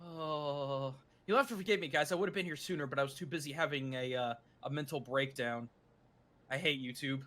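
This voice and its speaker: A man's voice: on the high side, a little fast, pushed and bright. A man chatting casually on a live stream, frank and given to blunt rants. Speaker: art streamer.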